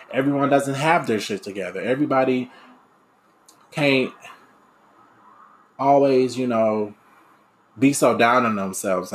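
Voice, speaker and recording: A young man talking candidly in a personal reflective monologue, rambling with many fillers and restarts. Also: on the low side. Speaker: aspiring radio DJ and podcaster.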